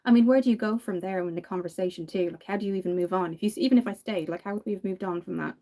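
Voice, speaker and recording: She speaks at a racing pace in a warm, mid-pitched voice. An Irish woman in her thirties and a makeup vlogger, she chats casually through her makeup routine, laughing frequently as she tells stories.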